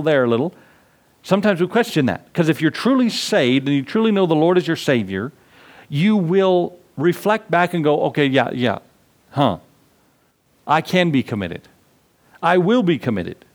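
Pastor, male, mid pitch. Sermon delivery with emphatic rises and low, earnest drops; quotes old-fashioned scripture. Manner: preaching with rising emphasis, swings from lifted to low, reflective; quotes scripture in King James wording.

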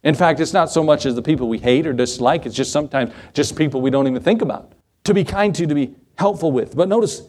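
A middle-aged male pastor preaching a sermon, swinging his pitch and pace as he acts out Bible scenes. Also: fast, a little mellow.

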